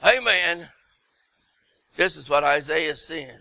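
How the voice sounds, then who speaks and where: Fervent high-voiced male preacher. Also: animated, slow, no echo, low-quality recording. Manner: fervent, shouting repeated words, folksy asides. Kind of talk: sermon.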